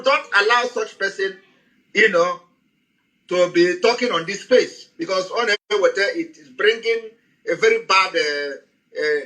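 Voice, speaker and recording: Casting: high-pitched man, sharp and forceful, heated scolding speech. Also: low-quality recording. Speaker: speaker on an audio space. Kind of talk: heated address.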